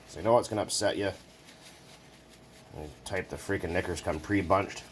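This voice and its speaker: A man's voice: deep voice, moderate pace, slight background noise. A man chatting casually and jokingly while working at his bench, rambling and swearing now and then. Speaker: hobbyist video maker. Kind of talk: casual workshop chat.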